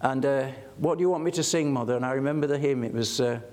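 A man's voice: mid-range voice, fast, darkish tone. An older man preaching a sermon, telling stories earnestly and building to fervent emphasis.

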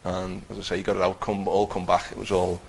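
A middle-aged man telling his personal Christian testimony in an earnest, halting way, with many restarts. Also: sits low, monotone, creaky, slight background noise, poor audio. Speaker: Christian teacher giving testimony.

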